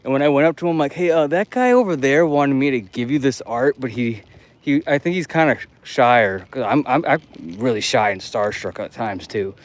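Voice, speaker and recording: A man's voice: mid-range voice, fairly quick. Rambling man streaming on a night walk. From United States. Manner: rambling, swears often, laughs between thoughts. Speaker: live streamer. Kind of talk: casual walking livestream chat. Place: city streets outdoors at night.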